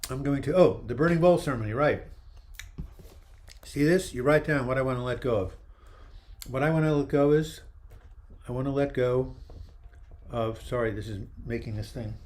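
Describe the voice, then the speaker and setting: A man's voice: mid-range voice, moderate pace, long pauses, a little mellow, a little hiss or hum. Chatty man hosting a live video chat. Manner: chatty, reads viewer comments aloud, jokes around. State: losing his voice. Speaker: livestream host answering viewer questions. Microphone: webcam livestream.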